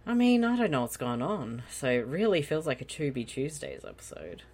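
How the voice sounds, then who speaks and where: A man co-hosting a movie podcast, delivering dry, sarcastic remarks. His voice is husky and raspy, with a lively, varied pitch. He keeps it casual and offhand. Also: a little fast. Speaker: podcast co-host. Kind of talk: casual movie commentary chat.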